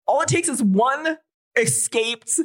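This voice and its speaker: A woman in her forties telling a story in casual podcast chat, animated and swearing freely. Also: high-pitched, slow. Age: 40s. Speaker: podcast co-host.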